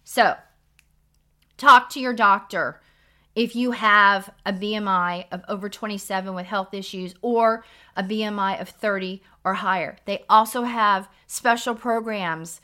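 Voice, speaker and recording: A middle-aged woman talks through health advice on a podcast in a blunt, emphatic, lecturing manner. Her voice is bright and forward, and her pitch sits in the middle of the range. She sounds casual and direct. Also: a little slow. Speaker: podcast co-host, nurse practitioner.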